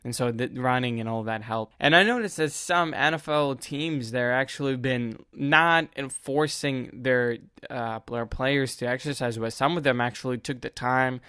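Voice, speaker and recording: Smooth-voiced chatty male podcast host. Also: medium pitch, moderate pace, hardly any pauses, bright, forceful tone, dry recording, clean studio sound. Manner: rambling, chatty, laughs at himself. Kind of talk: casual solo sports podcast chat.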